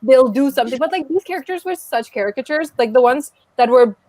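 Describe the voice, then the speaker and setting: A young woman on a video call, talking high and very lively as she rants, swears and laughs. Her voice is bright and lively, and the sound is dry and close. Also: quick pace, no room sound. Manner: animated, swearing, ranting with laughter. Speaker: book club member. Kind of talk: casual chat.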